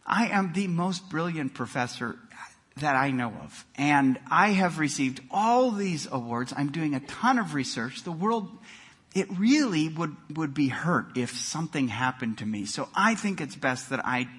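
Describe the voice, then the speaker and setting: A man's voice: on the high side, animated, fairly bright tone, breathy edge, heavily acted. A man voicing a pompous, self-important professor in a joke told during a sermon. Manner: boastful, slightly halting.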